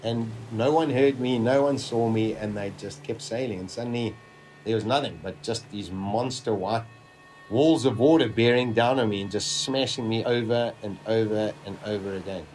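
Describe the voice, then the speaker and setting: A man vividly recounting a personal survival story, with dramatic pauses. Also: fairly low pitch, a little mellow, slight background noise.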